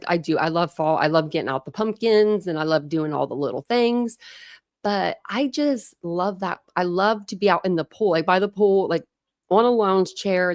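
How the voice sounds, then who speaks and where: A woman's voice: medium pitch, no echo, clean studio sound. A woman from Ohio hosting a casual true crime livestream, chatty and laughing often as she greets viewers by name. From Ohio, USA. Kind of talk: casual live-stream chat.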